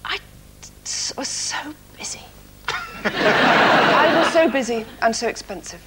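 A posh woman in her fifties chatting as a guest in a television studio, full of theatrical, laughing anecdotes. Her voice sits in an ordinary middle range. The old broadcast recording carries a clear layer of hiss. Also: on the high side, animated, slow pace. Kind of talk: chat show interview.

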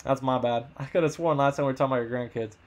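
In a steady, mid-range voice, a man hosts a live card break, firing off buyer names and their teams with quick, upbeat banter while his voice wears out.

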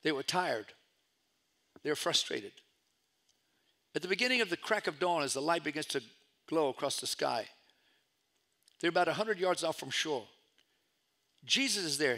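A middle-aged male pastor preaches a storytelling sermon in a bright, ringing voice set a little high for a man. He swings between loud, lifted calls and quiet, hushed asides as he retells the scene. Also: animated, normal speed, pauses often.

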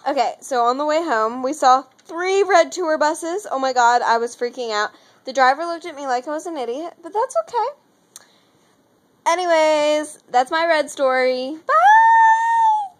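A teenage girl telling an excited, rambling story in a casual vlog from her room. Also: high voice, moderate pace, a little hiss or hum, rough recording. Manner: gushing, rambling, says anyways a lot. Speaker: vlogger.

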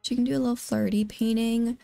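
A woman giving casual, excitable gameplay commentary as a let's play host, often exclaiming. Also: on the high side, brisk, creaky, no room sound, faint music behind.

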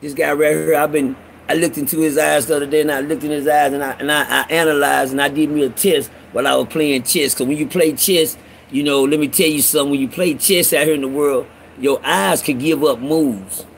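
A man's voice: a little high, steady tone, fairly quick, vocal fry, slight background noise, poor audio. A man with a Texas accent telling a rambling, streetwise story to his listeners, cursing often and calling them y'all. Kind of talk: casual storytelling monologue.

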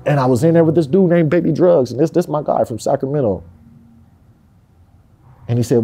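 A man's voice: on the high side, a little fast, gravelly, long pauses, warm tone, breathy edge. A man from Compton speaking in a candid interview, emphatic and full of street slang and profanity. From Compton, California.

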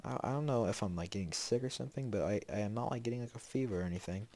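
Low-voiced man rambling through gameplay. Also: rapid-fire, darkish tone. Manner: rambling, filler-heavy, talking to himself. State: sniffly with a slight cold. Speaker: Let's Play host. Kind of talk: casual gameplay commentary.

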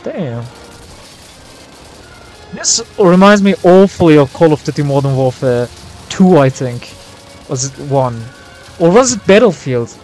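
A young man streaming a war game live, reacting loudly, swearing and yelling at his teammates. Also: fairly high pitch, expressive, unhurried, pauses often, soft background music. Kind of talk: live gameplay commentary.

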